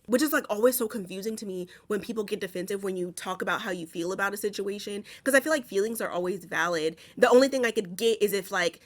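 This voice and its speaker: Fast-talking, blunt, profane young woman. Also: mid-range voice. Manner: chatty, with many "like"s. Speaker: movie commentator. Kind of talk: casual film recap commentary.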